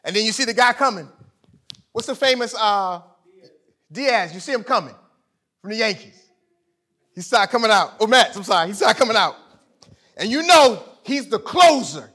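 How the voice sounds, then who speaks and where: A man preaching a sermon in an emphatic, conversational way, swinging from loud to quiet. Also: high voice, animated, moderate pace, pauses often, slightly rough. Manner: conversational, illustrates with sports stories.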